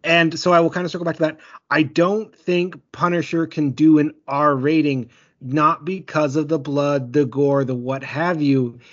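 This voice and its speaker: A man's voice: a little high, flat delivery, moderate pace, lo-fi sound. A man co-hosting a casual podcast, laid-back and dry with firm opinions. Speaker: podcast co-host.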